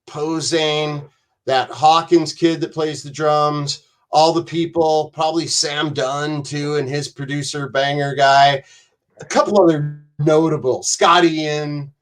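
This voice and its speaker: A man's voice: on the high side, fairly even intonation, takes it slowly. A man who is a podcast guest, telling rambling, profane stories in casual chat and slipping into voices.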